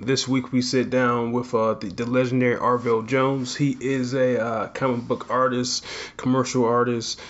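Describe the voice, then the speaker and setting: A man's voice: medium pitch, fairly bright tone, highs cut off. Rambling male podcast host. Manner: rambling, with many fillers and restarts. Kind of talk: casual chat.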